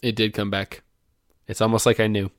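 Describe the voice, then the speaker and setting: Low-voiced man reading aloud casually. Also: level tone, fairly quick, dry recording, studio quality. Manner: joking, laughs between passages. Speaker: podcast host reading aloud. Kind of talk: casual read-aloud podcast.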